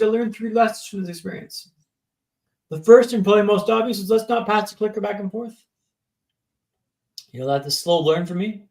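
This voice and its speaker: A man in his thirties with a high-pitched, darkish-toned voice is a podcast guest telling his story dramatically and vividly, often asking "right?". The storytelling interview is recorded in an echoey room.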